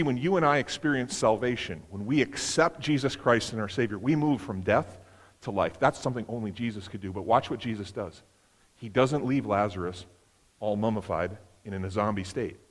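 Pastor, man, mid-pitched, earnest sermon delivery, long church reverb. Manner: earnest, repeats words, acts out Bible quotes. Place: church sanctuary.

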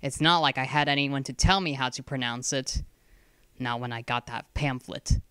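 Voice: medium pitch, moderate pace, pushed and bright, smooth, dry recording, lightly acted. A narrator voicing a defiant, prickly teenage runaway girl in a storybook reading. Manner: grumbling, defiant.

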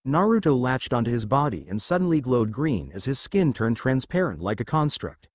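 A man narrating a fan fiction story in a steady, expressive reading voice. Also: mid-range voice, no echo.

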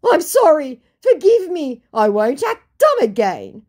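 A woman voicing a petulant young male scammer, drawn-out and pleading. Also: high-pitched, very animated, darkish tone, pitched above the performer's own voice, exaggerated voice.

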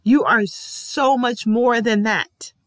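A woman's voice: a little high, steady tone, takes it slowly, dry recording. A woman giving an earnest, emphatic reaction commentary on a TV episode, repeating affirmations with feeling. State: emotional. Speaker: TV reaction vlogger.

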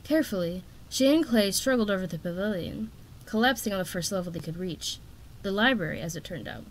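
A woman reading a children's fantasy novel aloud in steady, expressive narration. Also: mid-range voice, fairly quick, a little hiss or hum. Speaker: audiobook reader.

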